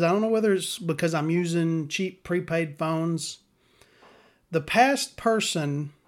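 A man, hosting a podcast in a rambling, profane, sardonic monologue. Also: fairly high pitch. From Southern US. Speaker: podcast host.

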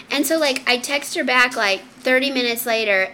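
A woman co-hosting a podcast, telling a family story in casual, profane, animated chat. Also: sits high, normal speed, hardly any pauses, a little hiss or hum. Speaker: podcast co-host.

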